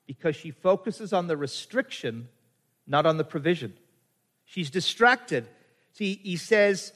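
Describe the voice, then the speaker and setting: A man's voice: high-pitched, fairly bright tone. A middle-aged man from Canada preaching a sermon, quoting scripture and asking his listeners rhetorical questions. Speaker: pastor.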